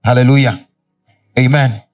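A man's voice: medium pitch, fairly even intonation, moderate pace, far from the mic, soft background music. A Ghanaian man preaching a sermon as pastor, leading his congregation in call-and-response with fill-in-the-blank questions.

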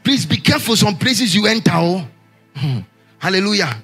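With lively intonation and a moderate pace, a male preacher calls out questions to his church in a sing-song, call-and-response delivery. His voice is high and bright but raspy and gravelly, and his pitch rises and falls sharply over faint background music.

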